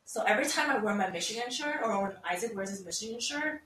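A bright, clear young woman chats and teases her co-hosts, acting out little exchanges as she tells stories. She sits slightly back from the mic in a roomy, echoing space with a faint hum behind her. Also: on the high side, fast talker, far from the mic. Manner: teasing, animated storyteller. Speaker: podcast co-host. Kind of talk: casual chat.

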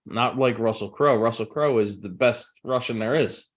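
A man's voice: mid-range voice, normal speed, breathy edge. A man hosting a podcast in casual chat, sarcastic and swearing often.

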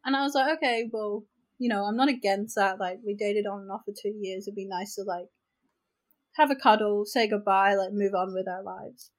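A woman with a New Zealand accent, a podcast co-host telling a story in casual chat, frank and animated, swearing freely and saying "like" a lot. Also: mid-range voice, normal speed, rough recording.

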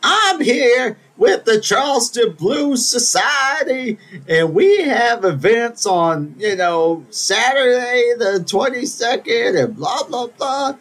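A man mimicking a pushy, loud older woman who grabs a microphone to promote her club, in a shrill, insistent voice. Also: expressive, slow, exaggerated voice.

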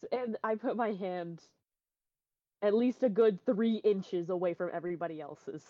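A woman's voice: medium pitch, normal speed, mellow, no echo, muffled recording. A young woman playing a tabletop game, chatting in a loose, hesitant way. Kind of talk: casual chat as a tabletop player.

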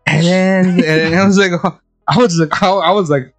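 A man's voice: sits high, a little slow, over music. A man co-hosting a podcast in casual chat, swearing freely, laughing often and telling stories about family. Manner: crude, laughs a lot, tells anecdotes. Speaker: podcast co-host.

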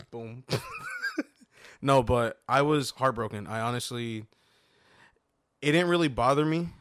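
A young man co-hosting a podcast, telling stories expressively and getting loud when excited. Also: mid-range voice, slow, clear, resonant tone, no echo, clean studio sound. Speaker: podcast co-host. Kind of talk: casual podcast chat.

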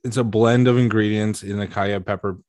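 A man's voice: on the low side, brisk, no echo. Rambling, incredulous man in casual chat. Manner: rambling, incredulous, animated riffing. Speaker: podcast co-host.

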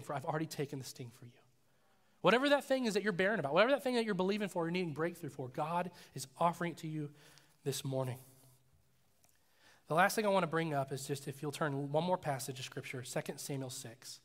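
Man, pastor, casual sermon, storytelling, fairly high voice, long hall reverb. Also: animated, quick pace. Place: church sanctuary.

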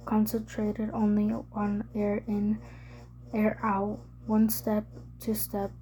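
A woman reading a novel aloud as an audiobook narrator, measured and even. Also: mid-range voice. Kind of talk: scripted narration.

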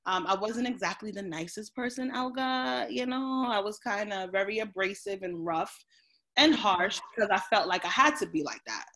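A woman's voice: medium pitch, fairly bright tone. Woman guest, life coach, candid storyteller, video call, lots of "um"s. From New Jersey. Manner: open, storytelling, frequent "um" pauses. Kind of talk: casual video interview.

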